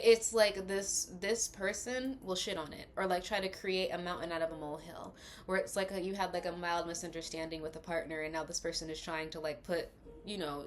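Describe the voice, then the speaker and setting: A woman's voice: on the low side, slight background noise. A woman giving a casual tarot reading, rambling and chatty with many fillers, slightly lisping through a retainer. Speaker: tarot reader.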